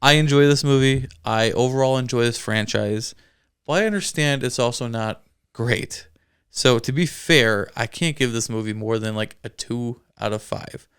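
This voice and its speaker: A man's voice: mid-range voice, normal speed, a bit bright, clean tone. A man co-hosting a casual movie review chat, laughing easily as he talks. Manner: chatty, laughs often. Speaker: podcast co-host.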